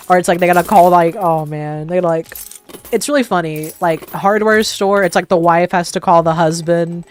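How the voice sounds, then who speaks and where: A young woman hosts a livestream, telling casual stories in a lowish voice. She rambles, leans heavily on fillers and laughs often. Her delivery is loose and chatty. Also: steady tone, normal speed, a little hiss or hum. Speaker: livestream host. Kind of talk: casual storytelling.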